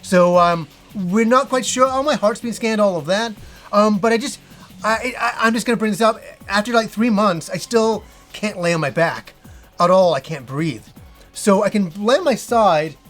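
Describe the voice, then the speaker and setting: A middle-aged man with a fairly high voice speaks casually to his viewers, short of breath and stumbling through restarts and fillers. Faint music plays behind him. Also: a bit bright. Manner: halting, with frequent restarts and fillers. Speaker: gaming channel host. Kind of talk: casual personal talk to viewers.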